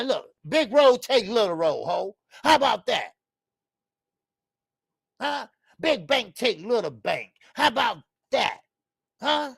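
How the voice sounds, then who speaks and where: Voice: mid-range voice, gravelly, a bit bright, dry recording. A boxing show host ranting in a heated talk-show style, fired up, repeating points and talking straight to viewers.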